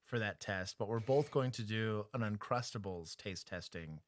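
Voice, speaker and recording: A man from Texas trading jokes on a livestream, laughing often. His voice is dry and close, with almost no room sound. He sounds animated and chatty. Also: on the low side, normal speed, no room sound. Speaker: podcast co-host. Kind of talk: casual livestream chat. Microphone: desktop streaming mic.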